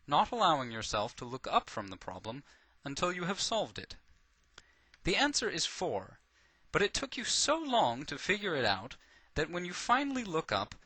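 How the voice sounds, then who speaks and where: Guy reading a funny short story, lively ups and downs, bright and dry. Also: a little high, no room sound. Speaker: narrator.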